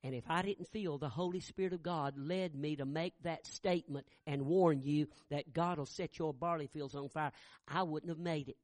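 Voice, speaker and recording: An earnest, fervent preacher, as a man puts him on, calling out names in a raised, emphatic voice. His voice rides fairly high for a man, and the sound is dry and close. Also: fairly even intonation, normal speed, a little mellow, no room sound, lightly acted. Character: earnest older male preacher, pleading warning.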